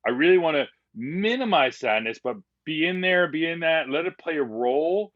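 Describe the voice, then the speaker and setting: A man's voice: a little high, animated, moderate pace, muffled recording. A man talking as a guest on a podcast, speaking candidly and rambling with frequent fillers and restarts. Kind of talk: casual conversation.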